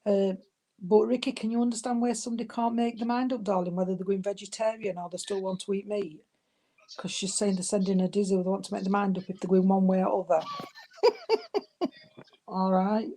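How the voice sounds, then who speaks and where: Mellow-voiced woman giving spirit readings. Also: medium pitch, little pitch movement, fairly quick, a little hiss or hum. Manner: warm, calls people darling and sweetheart. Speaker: spiritualist medium. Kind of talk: giving spirit messages at an online service.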